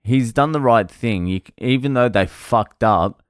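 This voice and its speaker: A man's voice: medium pitch, normal speed, smooth, no room sound. A man telling a rambling, profane story about his work day in a casual vlog.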